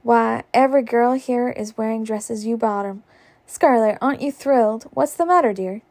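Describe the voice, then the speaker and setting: A woman voicing a gentle young Southern lady from a storybook reading, eager and gushing. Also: fairly high pitch, normal speed, close to an everyday voice. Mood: sweet.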